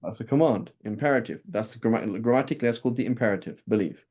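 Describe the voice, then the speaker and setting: A man teaching a class on Islamic texts, talking in a lively, conversational way with frequent "right?" checks and restarts. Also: medium pitch, very fast, few pauses.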